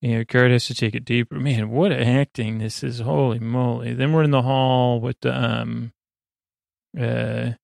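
A man hosting a sleep podcast, retelling an episode in a meandering way full of drawn-out fillers. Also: medium pitch, steady tone, creaky, darkish tone, no echo, clean studio sound. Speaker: podcast host.

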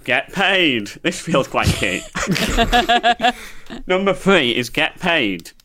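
A man's voice: a little high, big pitch swings, extremely slow, noisy background. An English man co-hosting a comedy podcast, teasing his co-host with wry asides. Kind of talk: casual comedic banter.

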